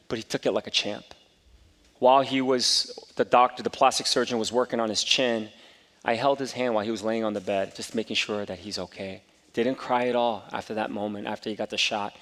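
A middle-aged pastor preaching a sermon, telling a personal story and building to emphatic exhortation. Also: male voice, medium pitch, brisk. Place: church sanctuary. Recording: long reverb of a church hall.

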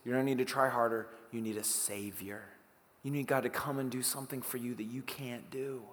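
A man preaching a sermon from the pulpit, with a mid-range voice that carries a long hall reverb. He talks to the congregation conversationally, firing rhetorical questions and moving between soft, hushed lines and loud, emphatic ones. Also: medium pitch, fairly even intonation, brisk, slight background noise. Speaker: pastor.

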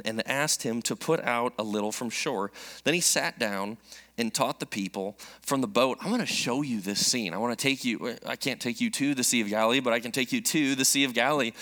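Bright-voiced pastor telling a story. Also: male voice, mid-range voice. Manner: storytelling, animated and jokey. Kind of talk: sermon.

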